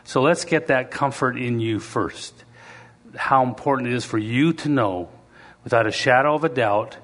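A pastor with a mid-range voice preaches conversationally, occasionally acting out quoted voices and slowing down to read scripture.

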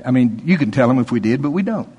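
A man's voice: medium pitch, lively intonation, quick pace, mellow, breathy edge, in a large hall. A middle-aged male pastor preaching a sermon, telling folksy stories with laughter and quoted voices.

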